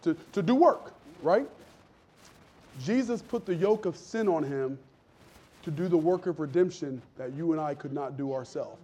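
A man preaching a lively, conversational sermon in a church, calling out to the congregation. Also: on the high side, moderate pace, dull audio. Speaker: pastor.

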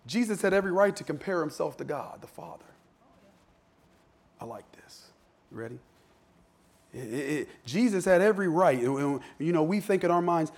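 A man's voice: a little high, animated, normal speed, pauses often. A male preacher giving a sermon in a conversational style, with slang and frequent stammered restarts.

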